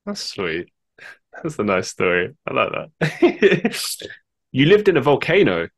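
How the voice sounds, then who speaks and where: A male podcast host in casual interview chat. He sounds easygoing and amused as he reacts and asks questions, and his voice sits at an ordinary pitch for a man. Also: sing-song, a little slow.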